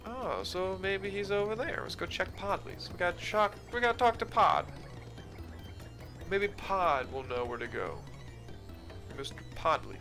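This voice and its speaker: A streamer riffing on a video game as he plays, cracking jokes between lines of game text. His voice is bright and forceful, and he speaks a little high. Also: animated, measured pace, soft background music. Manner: joking, reads game text aloud. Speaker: let's play streamer. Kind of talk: casual gameplay commentary.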